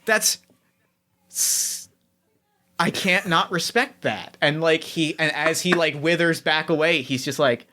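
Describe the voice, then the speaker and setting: A man narrating a tabletop game as game master, animated, often repeating himself mid-sentence. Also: fairly high pitch, slow.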